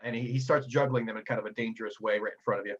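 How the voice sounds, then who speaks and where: A man running a tabletop game as game master, narrating with a lot of halting restarts and fillers. His voice is husky, and the recording sounds dull and lo-fi. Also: fairly low pitch, steady tone.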